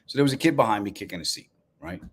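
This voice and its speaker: A man with a Long Island New York accent, a comedian hosting a casual live stream, telling stories in a wry, deadpan way with asides to viewers. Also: on the low side, racing, husky. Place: apartment room, indoors.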